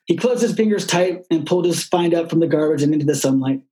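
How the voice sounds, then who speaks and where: Male audiobook narrator, slightly high pitch, steady and measured delivery. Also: low-quality recording.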